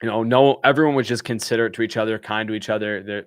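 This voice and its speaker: A man's voice: on the low side, rapid-fire, no room sound. A young man on a live stream, casually telling a story with frequent laughs and acted-out quotes. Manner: animated, laughs often, acts out what people said.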